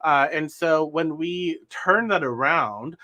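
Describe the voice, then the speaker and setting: A young man reads tarot cards in a bright, somewhat raised voice. He talks earnestly, circling back and restarting his thoughts as he gestures with his hands. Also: fairly high pitch, slow pace, dull audio. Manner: earnest, meandering, self-correcting. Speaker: tarot reader. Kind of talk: spiritual tarot reading.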